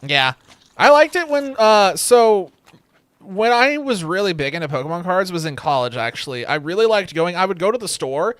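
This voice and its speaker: A young man rambles through casual gameplay commentary from home, dropping wry, sarcastic asides. His voice sits a touch high and sounds dry and close. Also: sing-song, normal speed, a bit bright, no echo. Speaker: streamer. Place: home room with a webcam.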